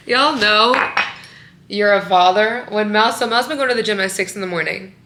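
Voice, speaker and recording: A woman's voice: mid-range voice, moderate pace, noisy background. A woman in her twenties chatting casually to her viewers in a home vlog, filming on a handheld camera, with lots of "like" and "you guys". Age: 20s. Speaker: vlogger.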